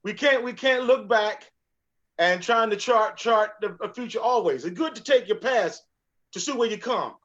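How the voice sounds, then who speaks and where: A man with a notably high voice speaks as a guest. His talk is earnest and sermon-like, urging his listeners to stay encouraged. The audio is dull and lo-fi. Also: animated, normal speed, fairly bright tone. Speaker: guest, sauce maker. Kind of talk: casual talk, preacher-like encouragement.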